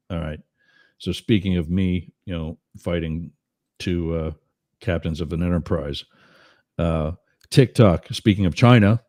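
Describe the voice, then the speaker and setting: A man's voice: low-pitched, darkish tone, no echo, clean studio sound. A man hosting a political talk show, teasing his co-hosts and calling out to viewers in the chat. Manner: teasing, jokey asides to the chat. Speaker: host.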